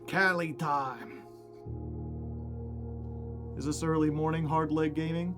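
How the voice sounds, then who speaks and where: Breathless high-voiced male streamer, slow talk. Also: steady tone, over music. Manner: chatty, reading out chat names. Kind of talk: casual stream chat greeting viewers.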